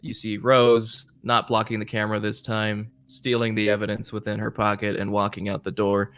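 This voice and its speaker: A man's voice: fairly low pitch, monotone, moderate pace, a bit bright. A man narrating as game master of a tabletop role-playing game in a casual manner with fillers. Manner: casual narration with fillers, voices characters inline.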